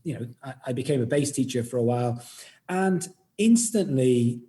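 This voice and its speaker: A middle-aged man with a Welsh accent and a dark, relaxed tone. He talks as a music educator in an interview, self-effacing and quick to laugh, often restarting his sentences. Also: medium pitch. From Wales. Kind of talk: casual interview chat.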